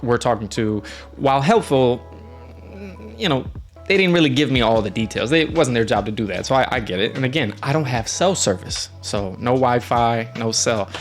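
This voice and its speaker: On his stream, a man with a medium-pitched voice casually tells a travel story, animated and slipping into quoted voices.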